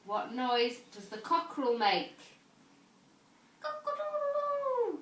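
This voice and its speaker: Casting: mother, slow bright sing-song talk, home-camera sound from across the room. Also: fairly high pitch. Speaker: parent. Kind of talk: playful home video with a toddler. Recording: echoey room, camera mic from a distance.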